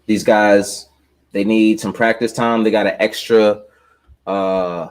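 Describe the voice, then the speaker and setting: A man's voice: fairly low pitch, steady tone, slow, smooth. A man hosting a casual sports podcast over a remote call, loose and easygoing with lots of fillers. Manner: laid-back, loose, with many fillers and laughs. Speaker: podcast host.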